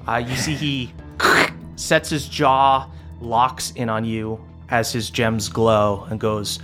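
A man running a tabletop game as game master, narrating fast and loosely, with jokes and fillers. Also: medium pitch, steady tone, a bit bright, faint music behind.

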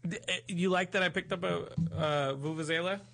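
A man hosting a podcast in casual chat, rambling and excitable. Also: high-pitched, fairly quick, vocal fry. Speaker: podcast host.

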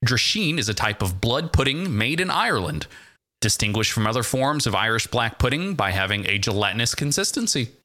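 Bright-voiced man quizzing a co-host. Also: mid-range voice, big pitch swings, fairly quick. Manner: reads out facts in a dry, matter-of-fact way. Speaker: podcast host. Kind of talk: casual quiz chat.

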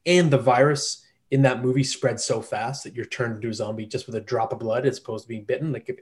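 Man hosting a relaxed podcast quiz. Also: mid-range voice. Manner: quizzing his co-hosts with quick questions. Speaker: podcast host. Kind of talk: casual chat.

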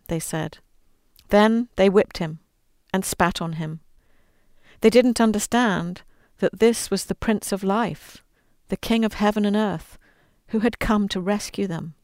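A woman talks with earnest warmth, then reads a storybook aloud, lending its quoted lines their own voice. Her tone is smooth and resonant. The recording is dry and close, with no room sound. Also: medium pitch, a little slow, no echo. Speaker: guest author reading her book. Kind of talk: conversational interview, then storybook read-aloud.

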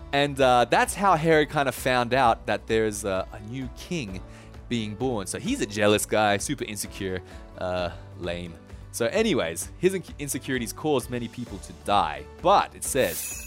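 A man preaching a casual, lively sermon, telling a Bible story with enthusiasm. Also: mid-range voice. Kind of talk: conversational sermon.

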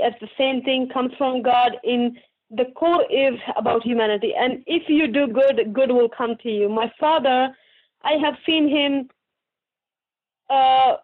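A young woman answering interview questions earnestly and from the heart, often restarting her sentences. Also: sits high. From Pakistan. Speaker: guest author. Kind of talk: interview answers over a remote line. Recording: tinny phone-like line.

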